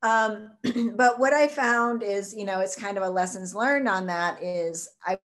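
A woman's voice: medium pitch, a little slow, a bit bright. Enthusiastic woman rambling. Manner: enthusiastic, rambling with many fillers. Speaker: guest, food truck co-owner. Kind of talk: casual interview chat.

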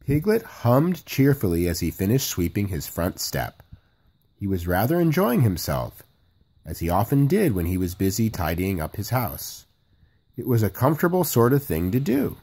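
Husky man reading a storybook aloud. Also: on the low side, sing-song, moderate pace, a little mellow. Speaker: storybook reader. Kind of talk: read-aloud story narration.

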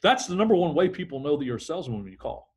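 Animated middle-aged sales trainer. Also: male voice, on the high side, very fast. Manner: energetic, animated, acts out phone calls. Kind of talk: podcast interview.

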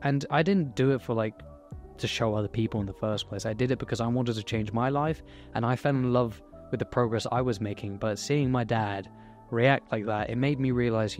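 A young male YouTuber gives a candid, earnest personal motivational monologue, swearing now and then. His mid-range voice is brisk and darkish in tone, with soft music playing in the background.

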